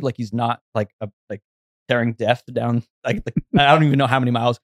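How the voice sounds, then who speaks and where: A man's voice: mid-range voice, fairly even intonation, brisk, no echo, clean studio sound. A young man in casual chat, telling a long story that rambles with fillers and restarts.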